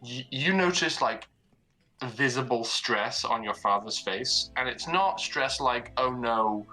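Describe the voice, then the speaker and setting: A man's voice: medium pitch, expressive, slow, pushed and bright, faint music behind, poor audio. A man narrating a tabletop game as game master, casual and stammering.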